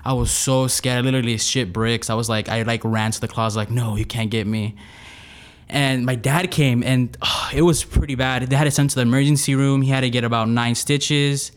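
A man's voice: medium pitch, fairly quick, few pauses, clear, resonant tone. A young man telling a funny personal story in a casual, rambling way, with lots of restarts. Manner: rambling, many restarts, animated retelling. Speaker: storyteller guest.

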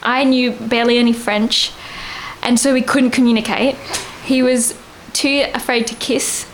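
A woman in her thirties with a high, bright pitch, chatting as a guest and spinning a rambling anecdote. She giggles constantly between lines, with a faint hiss of noise behind her. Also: level tone, measured pace, low-quality recording. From Australia. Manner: giggly, rambling, laughs often. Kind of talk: casual storytelling chat.

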